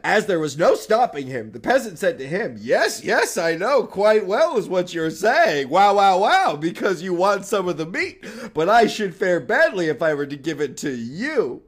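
A young man with a high, very lively voice reads an old fairy tale to a friend on a casual podcast. He swoops up into exaggerated, shouted voices for angry peasants and croaking frogs, then drops back into chatty asides. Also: moderate pace, hardly any pauses. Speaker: podcast host reading fairy tales. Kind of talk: casual comedic podcast chat with dramatic story reading.

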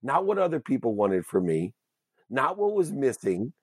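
A man telling a personal story as an interview guest, earnest and emotional, with halting restarts. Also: medium pitch, big pitch swings, slightly rough, no echo, clean studio sound.

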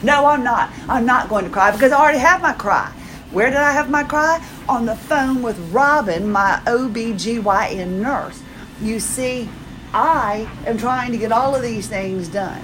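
A woman's voice: a little high, moderate pace, background noise. A woman hosting her own podcast, chatting in a rambling, self-deprecating way while tired and moving carefully at home. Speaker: podcast host. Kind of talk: casual personal monologue. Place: home, house chores around her.

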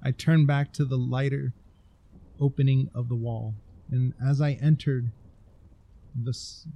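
A man narrating a scary story in a deliberate, storytelling manner. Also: medium pitch, little pitch movement, mellow, dull audio.

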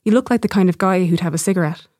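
A woman voicing a blunt, gently mocking young woman in a short story. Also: lowish voice, racing, no room sound, clean studio sound, lightly acted. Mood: wry.

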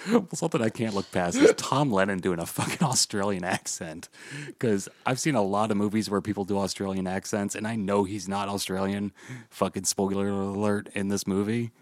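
Deep-voiced man ranting profanely. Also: a little fast, no echo. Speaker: podcast host. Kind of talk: casual movie review chat.

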